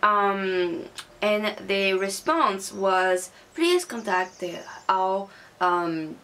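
A woman's voice: medium pitch, very slow, fairly bright tone. A young woman, not a native English speaker, angrily ranting in a casual beauty vlog, recorded at home on a camera mic. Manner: angry, swearing rant. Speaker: beauty vlogger.

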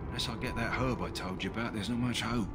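An actor playing a calm, matter-of-fact male kennel master tending a sick war dog, in a video game. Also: lowish voice, quick pace, lightly acted.

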